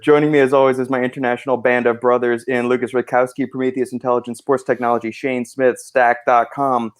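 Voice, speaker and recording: A man's voice: medium pitch, flat delivery, fast talker. A man hosting a podcast in a joking, teasing way, often breaking into laughter. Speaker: podcast host. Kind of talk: casual podcast chat.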